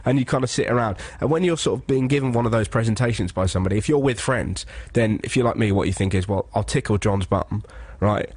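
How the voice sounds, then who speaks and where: An English man on a radio show, launching into a comic anecdote and bouncing between his own voice and mock impressions. His tone is a little husky. The studio sound is dry and close. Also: medium pitch, quick pace, few pauses, no echo. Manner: animated, acts out people in funny voices. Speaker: radio co-host. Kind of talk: excitable comic storytelling.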